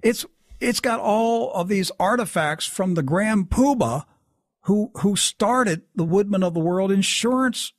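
A man's voice: high-pitched, unhurried, no room sound, studio quality. A man telling a long personal story in casual talk, acting out the people he quotes. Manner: animated, acts out quoted dialogue. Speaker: guest storyteller.

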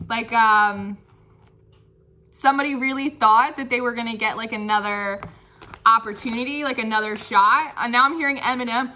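A woman's voice: a little high, animated, normal speed, sharp tone. A woman giving a casual tarot reading, chatty and playful, often laughing and breaking into song. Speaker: tarot reader.

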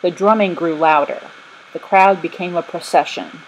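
A woman narrating a children's storybook in a gentle, steady reading voice. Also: on the low side, normal speed, slight background noise, poor audio. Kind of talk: storybook read-aloud.

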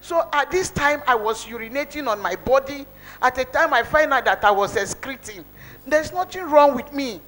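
Lady testifying in church, high voice, earnest and emotional, repeats herself a lot. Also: expressive, moderate pace, fairly bright tone, poor audio. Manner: earnest, repetitive, emotional storytelling. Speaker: church member giving a testimony.

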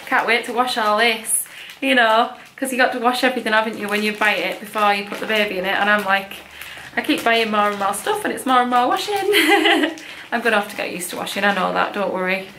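A young woman vlogger chats fast about baby clothes she bought, gushing with lots of likes and ums in a casual haul. Her mid-range voice sounds pushed and bright, in a reverberant space with a little hiss or hum.

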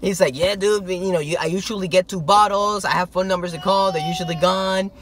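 A man vlogging casually, telling a story in an excitable, animated way, with some stammering. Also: sits high, brisk. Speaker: toy-hunting vlogger.

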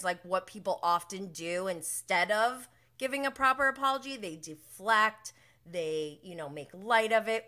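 A woman's voice: medium pitch, bright, forceful tone. A woman hosting a casual reality-show recap, rambling and chatty, laughing often and mimicking the people she talks about. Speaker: podcast host.

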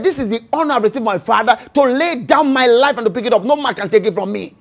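A pastor preaching a sermon, acting out scripture scenes and repeating key phrases, swinging from loud bursts to hushed lines. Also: medium pitch, quick pace, few pauses.

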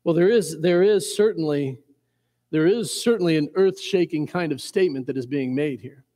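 Male pastor from Indiana, higher voice, earnest sermon delivery with frequent restarts, recorded in a long-reverb church hall. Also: moderate pace, warm tone. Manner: earnest, repeats words and restarts often, chuckles at himself. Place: church sanctuary.

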